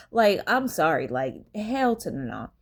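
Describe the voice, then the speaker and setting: A young woman telling a story in a casual vlog, animated and swearing freely, with lots of fillers, acting out the people she quotes. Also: medium pitch, slow pace, husky. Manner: many fillers like "like". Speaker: vlogger.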